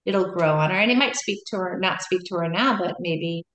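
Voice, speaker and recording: A woman's voice: on the low side, brisk, fairly bright tone. A middle-aged woman, a meditation and yoga teacher, chatting casually as a guest in loose, trailing sentences full of restarts. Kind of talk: casual interview chat. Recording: roomy echo.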